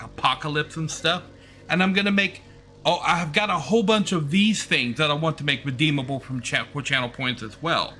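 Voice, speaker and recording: A man's voice: fairly high pitch, bright, forceful tone, a little hiss or hum. A man streaming a game, chatting casually and rambling with many fillers and restarts. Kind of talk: casual chat while gaming.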